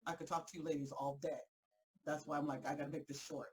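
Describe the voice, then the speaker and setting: A woman hosting a motivational group talk, energetic and emphatic, repeating herself for effect and breaking easily into laughter. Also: low voice, quick pace, rough recording. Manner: energetic, fired-up, emphatic repetition. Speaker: host and motivational coach.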